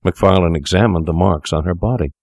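A man reading a story aloud in a measured, even manner as narrator. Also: deep voice, dry recording, studio quality. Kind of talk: scripted audiobook narration.

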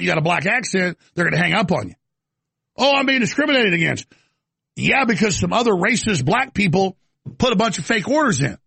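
A heated male talk host ranting live, rambling and tripping over restarts. His voice sits fairly high for a man, gravelly and husky, recorded dry and close. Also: fairly bright tone, dry recording. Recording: live studio broadcast.

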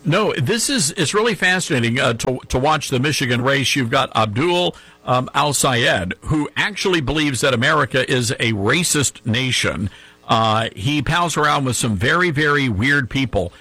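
A man hosting talk radio, opinionated and sarcastic, tossing off quick asides as he tees up questions for his guest. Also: mid-range voice, lively intonation, pushed and bright, slightly rough, no echo.

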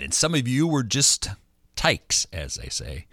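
A middle-aged American man hosting a music chart radio show, with playful, animated DJ patter. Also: unhurried, no echo, studio quality. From United States. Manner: animated, playful DJ patter with big pitch swings.

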